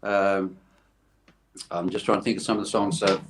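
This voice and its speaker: A man's voice: deep voice, flat delivery, moderate pace. An Australian man chatting on a live stream as a comedian guest, jokey and rambling, heard over a video call. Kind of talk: casual chat on a live stream.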